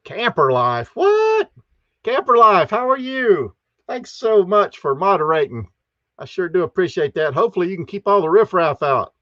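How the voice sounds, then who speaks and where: A man's voice: high-pitched, lively intonation, moderate pace, sharp tone, no room sound, muffled recording. A man hosting a live stream, greeting chat viewers one by one in a folksy way. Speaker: host.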